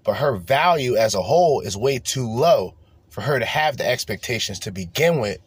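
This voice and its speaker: A man's voice: mid-range voice, lively intonation, normal speed, a little hiss or hum. A man hosting a solo podcast, ranting profanely and breaking into mocking voices. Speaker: podcast host.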